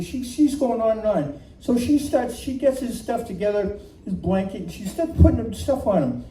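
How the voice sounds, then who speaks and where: Male storyteller, animated and self-mocking; distant, roomy community-center recording with faint background noise. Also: high-pitched, normal speed. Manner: animated and self-mocking, laughing through lines. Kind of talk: live comic storytelling. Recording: echoey room from far off, faint noise.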